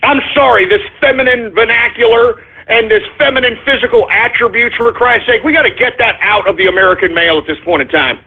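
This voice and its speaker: A male radio host with a very high-pitched, husky voice rants angrily and profanely on a call-in show, talking briskly with few pauses and repeating himself as he goes. The audio is muffled, like it's coming over a phone line.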